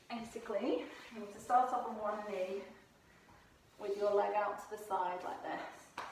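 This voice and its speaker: A woman's voice: mid-range voice, a little hiss or hum. A woman coaching children through gymnastics moves at home, showing each one as she explains, a little out of breath at times. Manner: encouraging, demonstrates moves while talking. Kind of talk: home exercise lesson for children. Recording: echoey room, voice from a distance.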